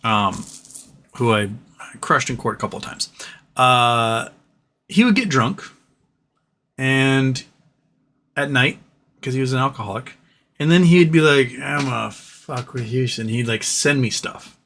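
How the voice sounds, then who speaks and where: A man's voice: medium pitch, animated, a little slow, long pauses, a bit bright. A man hosting a live stream, telling stories in a rambling, profane, casual way. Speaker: livestream host.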